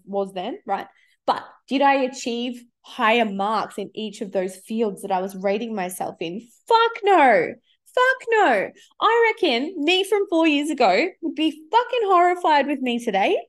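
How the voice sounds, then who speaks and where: A woman in her thirties, a life coach, talking candidly in a casual podcast monologue and swearing freely. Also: mid-range voice.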